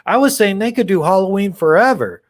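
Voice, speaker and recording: Livestream host, male, slightly high voice, loose rambling delivery with casual swearing. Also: expressive, brisk. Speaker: horror channel livestream host. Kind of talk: casual livestream chat with viewers.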